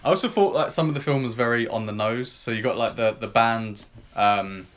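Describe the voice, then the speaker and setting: A man hosting a podcast in casual chat, giving his views in a relaxed way and steering the talk to the next topic. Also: medium pitch, brisk. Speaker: podcast host.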